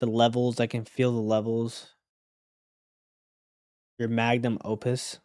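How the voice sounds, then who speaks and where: A young man livestreaming while making beats, chatting casually and excitably with his viewers, swinging between loud bursts and quiet mumbling. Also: medium pitch, takes it slowly, no echo, clean studio sound. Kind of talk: casual chat to stream viewers.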